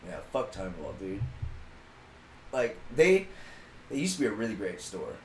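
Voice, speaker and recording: Male podcast co-host: crude, lively anecdotes in a roomy space with light background noise. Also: on the low side, moderate pace. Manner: animated storytelling, swears constantly, gets loud retelling a rant. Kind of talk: casual profane chat.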